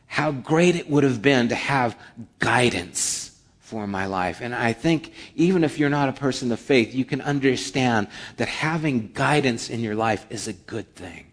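A man preaching from the pulpit in an earnest pastor's voice. He leans hard into his points, then falls quiet, nearly whispering. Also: medium pitch. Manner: earnest, swings from forceful emphasis to hushed near-whispers. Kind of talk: sermon.

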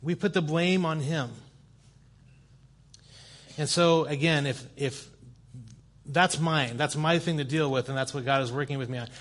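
Man preaching a lively conversational sermon. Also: on the high side, measured pace, long pauses. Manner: conversational, animated storytelling with self-deprecating humor. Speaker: guest preacher. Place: church sanctuary.

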